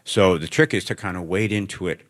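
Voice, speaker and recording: A middle-aged man with a very low voice, speaking as an author in a live interview on stage. He muses thoughtfully and rambles, often restarting his sentences. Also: fairly quick. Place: stage before student audience.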